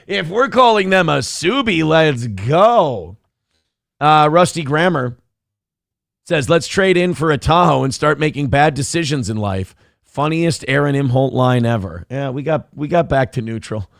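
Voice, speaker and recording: A man's voice: a little high, lively intonation, unhurried, vocal fry, dry recording, studio quality. Crude joking male show host. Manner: crude, joking, self-mocking; loose, rambling asides. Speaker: live show host reading chat. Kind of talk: casual live-stream chat.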